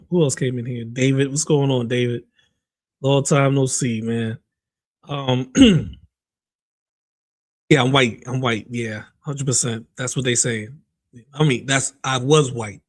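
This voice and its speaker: A man's voice: medium pitch, fairly even intonation, measured pace. A man hosting a live stream, greeting chat viewers by name and chatting loosely about clips, often trailing off mid-sentence. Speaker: streamer host reacting to clips. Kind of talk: casual live-stream commentary.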